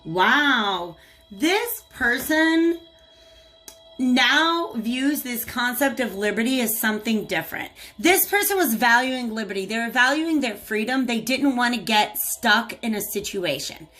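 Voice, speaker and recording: A woman's voice: a little high, lively intonation, measured pace, bright, forceful tone, faint music behind. A woman giving a casual tarot reading, chatting to viewers and talking to the cards as she goes. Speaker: tarot reader.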